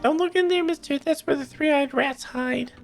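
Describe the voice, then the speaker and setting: A man voicing a small, frightened little girl who speaks softly and pleadingly. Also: very high-pitched, moderate pace, gravelly, faint music behind, pitched above the performer's own voice. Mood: timid.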